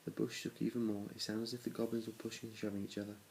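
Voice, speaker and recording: A man's voice: fairly low pitch, little pitch movement, very fast, creaky, a little mellow, slight background noise, rough recording. A man reading a children's storybook aloud to his children, in a plain reading voice with small restarts. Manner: plain reading with small restarts, little change between characters.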